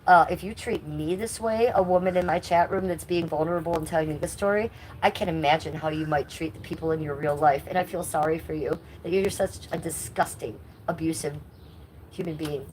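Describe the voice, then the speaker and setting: Middle-aged woman livestreaming, kinda nasal, low-ish voice, outspoken, faint hiss behind. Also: a little fast, a little mellow, rough recording. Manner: outspoken, blunt and indignant. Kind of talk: live stream chat, reading comments.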